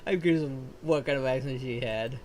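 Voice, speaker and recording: A woman's voice: rumbling low, normal speed, a little mellow, slight background noise. Chirpy foxian streamer girl. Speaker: game character livestreamer. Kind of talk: video game voice acting.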